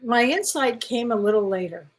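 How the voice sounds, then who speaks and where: Woman cohost, a bit high voice, earnest and thoughtful, just chatting. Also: expressive, moderate pace. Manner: reflective, earnest. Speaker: co-host. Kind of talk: casual conversation.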